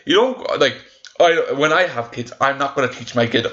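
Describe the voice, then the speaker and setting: A man's voice: mid-range voice, lively intonation, moderate pace, fairly bright tone, muffled recording. A young man reading stories aloud and ranting about them, heated and full of swearing and restarts. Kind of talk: casual reaction rant.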